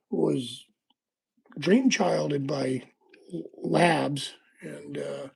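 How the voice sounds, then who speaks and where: A man's voice: on the high side, vocal fry, darkish tone, husky. A man hosting a casual livestream, chatting to viewers and rambling through stories with lots of fillers as he picks locks. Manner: rambling, laid-back storytelling with frequent fillers. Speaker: livestream host. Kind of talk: casual livestream chat while lockpicking.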